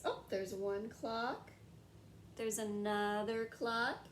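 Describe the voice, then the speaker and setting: A woman teacher reading a picture book aloud to young children in a slow, sing-song way, stretching and repeating rhyming words. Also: medium pitch, roomy sound, slight background noise.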